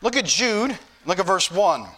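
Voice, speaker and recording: A man's voice: sits high, big pitch swings, a little slow, fairly bright tone. A man preaching a sermon as pastor, folksy and joking at times, then building to emphatic points. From northern United States.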